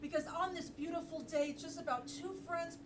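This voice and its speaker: A woman improvising a story line by line on stage, playful and halting as she makes it up. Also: very high-pitched. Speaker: improv performer. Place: comedy theater stage. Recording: distant mic in a noisy live room.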